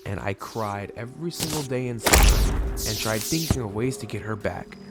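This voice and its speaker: Young dude rambling a storytime while gaming, lotta likes and bros, kinda low voice, loud music behind. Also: male voice, lively intonation, normal speed. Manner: rambling, filler-heavy, swears a lot. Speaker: gaming channel host. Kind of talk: casual storytime while playing a video game.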